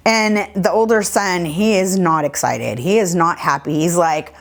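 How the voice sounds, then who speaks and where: A woman's voice: lowish voice, a little slow, few pauses. A woman leading a children's church lesson, telling a Bible story in a chatty, casual way with many fillers. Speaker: children's ministry leader.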